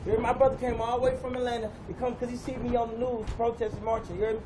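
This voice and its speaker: A man's voice: very high-pitched, level tone, very fast, noisy background. A man with a St. Louis accent, a protester speaking loosely and leading call-and-response chants at an outdoor rally. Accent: St. Louis, Missouri. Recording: outdoor recording over a crowd.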